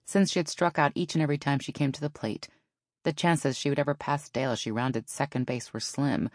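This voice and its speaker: Low-voiced woman reading a novel. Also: steady tone, a little fast, darkish tone, dry recording, studio quality. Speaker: audiobook narrator. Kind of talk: scripted narration.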